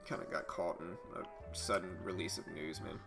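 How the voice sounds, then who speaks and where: Bright-voiced stream host, man in his thirties, casual and chatty, soft jazz playing underneath. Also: sits low, normal speed, gravelly. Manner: loose and chatty, animated when telling stories. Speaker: host of live trading stream. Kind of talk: casual live stream chat and market news. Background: soft jazz music.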